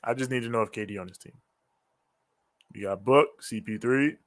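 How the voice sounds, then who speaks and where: Another co-host of the at-home wrestling reaction stream speaks in a mid-range voice at normal speed, with no echo. He chats loosely, rambles, curses freely, and laughs often.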